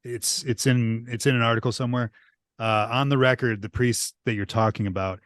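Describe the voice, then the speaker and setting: A man co-hosting a podcast, chatting casually about horror movies and chiming in with quick agreement. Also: medium pitch, steady tone, fairly bright tone, no echo, studio quality. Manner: easygoing, agreeable, quick interjections. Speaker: podcast co-host.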